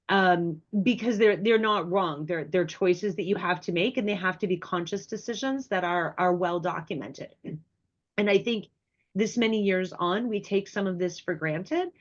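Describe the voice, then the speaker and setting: A woman's voice: fairly low pitch, highs cut off. A woman speaking as a guest expert on a webinar, chatty and emphatic, sounding congested from illness. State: ill, congested. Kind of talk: webinar presentation.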